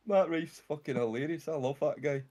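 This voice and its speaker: A man chatting on a game livestream, retelling comedy bits with lots of swearing and laughter. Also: on the high side. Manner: animated storyteller, swears freely, laughs while retelling jokes. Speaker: streamer. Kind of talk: casual chat over a game livestream.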